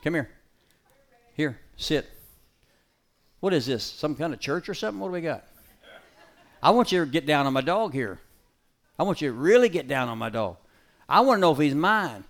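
A man preaches live to a gathered audience with folksy emphasis, veering from loud calls to quiet asides and tossing brisk commands to a dog. His pitch is on the high side and his delivery animated.

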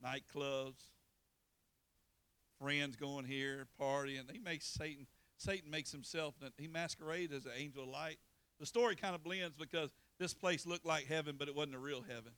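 A man preaching in a bright, crisp voice that sits a little high for a man. He spins a homespun tale and then presses his points with rising fervor. The sound is dry and close. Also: moderate pace. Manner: folksy storytelling, building to fervent preaching. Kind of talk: sermon.

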